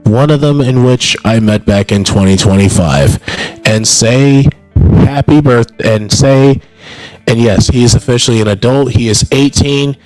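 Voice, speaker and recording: A man hosting a casual livestream announcement, rambling and apologetic between drawn-out hype shouts of names. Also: mid-range voice, soft background music, rough recording. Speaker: streamer hosting an announcement stream.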